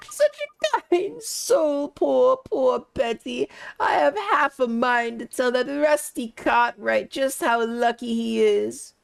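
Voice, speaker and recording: A high, teary old gossip. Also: female voice, creaky, full character voice. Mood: fussing. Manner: fussing, sentimental, quavering. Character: gossipy kindly old woman neighbor, teary.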